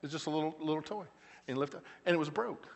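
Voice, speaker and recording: A middle-aged man, a pastor preaching a sermon, telling stories with frequent restarts and shifting between loud emphatic lines and quiet, slow asides. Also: on the high side, gravelly. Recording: church hall with long reverb.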